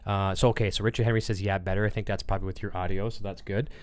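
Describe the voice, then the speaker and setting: Give me a man with a low, smooth voice, rambling casually on a livestream and reading out chat. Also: fairly even intonation, racing. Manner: rambling, reads chat comments aloud, frequent fillers. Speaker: livestream host.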